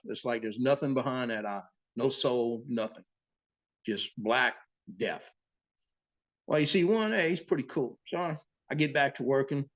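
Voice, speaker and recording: A boat captain, a man, telling sea stories in a casual, profane, animated way as an interview guest. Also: mid-range voice, highs cut off. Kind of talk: casual storytelling.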